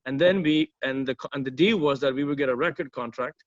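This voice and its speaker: A man tells stories in a loose, rambling way, full of "uh"s, false starts and casual swearing. His voice sits at an ordinary middle pitch. The recording is dry and a little dull, like lo-fi audio. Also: fast, no room sound. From South India. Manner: rambling, profane, many fillers and restarts. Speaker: musician guest. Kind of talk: casual storytelling interview.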